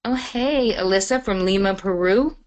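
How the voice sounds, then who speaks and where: A woman's voice: mid-range voice, normal speed, a little mellow. A middle-aged woman hosting a live online masterclass, chatty and bubbly as she greets viewers by name. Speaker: webinar host. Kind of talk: live webinar chat.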